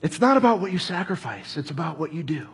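A man's voice: a little high, fast talker, gravelly, breathy edge. A male pastor giving an earnest sermon, telling a personal story and closing in prayer. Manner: earnest, storytelling, animated when recounting.

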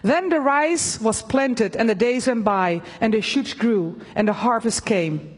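A woman preaching a sermon and reading a story aloud, earnest and halting, with fillers. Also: fairly high pitch, slightly rough, in a large hall.

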